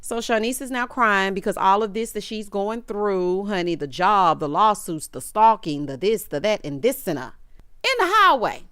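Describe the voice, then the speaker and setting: A woman's voice: mid-range voice, lively intonation, moderate pace, a bit bright, clear, resonant tone, no echo, studio quality. A woman giving a sassy, casual recap of a reality TV episode, mimicking the cast in changing voices.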